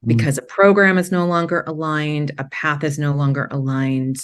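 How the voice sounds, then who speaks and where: A middle-aged woman from Maine, a podcast guest telling her story candidly, rambling with many restarts and quick laughs. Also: low voice, fairly even intonation, smooth.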